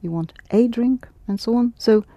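A woman's voice: a little high, moderate pace, warm tone, no room sound, dull audio. Patient woman teaching a language lesson. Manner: patient, explaining step by step.

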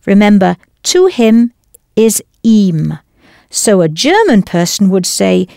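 Slow, lively-voiced woman language teacher. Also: medium pitch, vocal fry, dry recording, clean studio sound. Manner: slow, careful enunciation with prompting questions. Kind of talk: scripted language lesson.

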